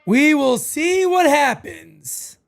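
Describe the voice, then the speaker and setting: A man calling baseball live for a fan watch party, with a lively voice that swings widely in pitch. He chats loosely with viewers, hams things up and circles back to the same phrases. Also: slow, gravelly, over music. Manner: animated, playfully melodramatic, repeats himself. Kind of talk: live fan play-by-play and chat.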